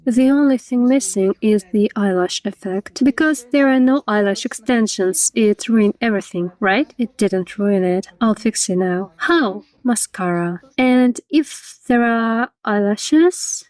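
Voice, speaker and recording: A woman's voice: medium pitch, a little mellow, no room sound. A woman in a dubbed casual conversation during a makeup session, talking in short, chatty questions and replies. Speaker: vlogger reviewing a makeup artist.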